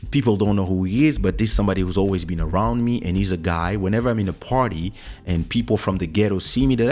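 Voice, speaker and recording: A man, telling a personal story in a casual, animated way and acting out the voices of the people in it. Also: on the low side, fast talker, faint music behind. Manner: animated, acts out quoted voices. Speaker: podcast host telling a story.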